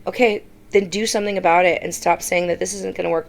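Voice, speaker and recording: A woman's voice: medium pitch, steady tone, quick pace, creaky. A woman YouTuber giving casual reaction commentary, blunt and exasperated, often mimicking the people she talks about.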